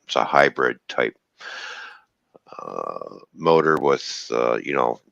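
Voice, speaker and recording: Very deep-voiced man, rambling casual chat. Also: big pitch swings, takes it slowly, vocal fry, fairly bright tone, no room sound, highs cut off. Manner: rambling, jokey, explains car engine specs. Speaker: streamer chatting with friends.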